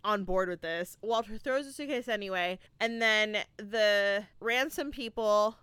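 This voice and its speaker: A woman hosting a casual movie review podcast, chatty and animated, peppering her talk with "like" and swearing freely. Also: medium pitch, unhurried, clean tone, no echo. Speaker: podcast host.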